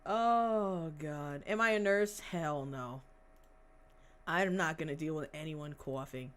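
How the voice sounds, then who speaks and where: A woman's voice: low-pitched, slow pace. A woman in her twenties chatting on a livestream. She rambles bluntly, swears, and makes sarcastic asides while searching for things aloud. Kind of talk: casual livestream chat.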